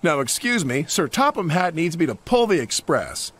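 Vain showoff engine played by a man, high and haughty, lively swings, music underneath. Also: moderate pace. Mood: boastful. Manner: haughty and show-off. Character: vain, boastful male steam engine.

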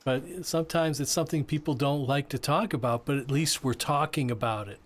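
Man voicing interview answers with halting restarts. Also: on the high side. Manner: halting, frequent restarts and repeated words.

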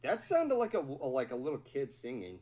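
A man's voice: medium pitch, wildly swooping pitch, moderate pace. Rambling streamer guy over crowd noise. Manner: rambling, lots of "like". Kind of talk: casual chat on a game stream.

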